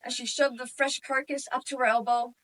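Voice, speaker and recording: A woman's voice: sits high, brisk. Wry woman telling a comic story. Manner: wry, deadpan comic narration. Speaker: student competitor. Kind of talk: humorous interpretation storytelling. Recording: voice distant from the mic.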